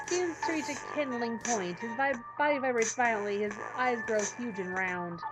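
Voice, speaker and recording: Let's play host, woman, slightly high voice, reads game text aloud and stumbles now and then, music bed under her. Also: rough recording.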